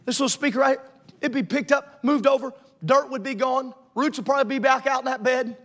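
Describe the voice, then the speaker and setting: A man preaching a sermon in a church sanctuary before a congregation, fervent and rising to shouts, joking with the crowd between points. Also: very high voice, a little fast.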